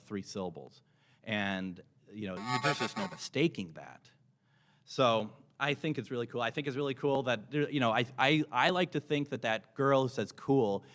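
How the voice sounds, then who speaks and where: A paranormal investigator with a fairly low but bright-toned voice gives a casual convention panel talk to a live audience, chatty and enthusiastic, often restarting sentences. He speaks into a microphone in front of him, and the recording of the panel room is noisy with clicks.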